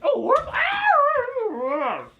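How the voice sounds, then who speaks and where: A woman giving playful live commentary at home, excitable and full of yelps and exclamations, recorded on a camera mic indoors. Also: very high-pitched, drawn-out words, lo-fi sound, slight background noise. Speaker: home video maker.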